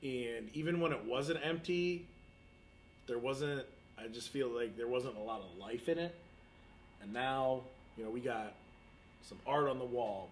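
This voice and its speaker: A man co-hosting a casual podcast about running his café, talking in a relaxed, upbeat way with plenty of fillers. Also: mid-range voice, a little hiss or hum, poor audio. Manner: relaxed, upbeat, thinks aloud with many fillers. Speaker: podcast co-host, café owner. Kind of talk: casual chat. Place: their café storefront.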